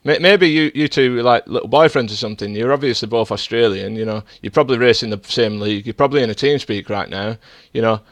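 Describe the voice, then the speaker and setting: A man's voice: medium pitch, fast talker, a bit bright, dry recording. A man streaming a sim race, arguing defensively and lecturing rivals over voice chat. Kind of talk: heated in-game voice chat argument.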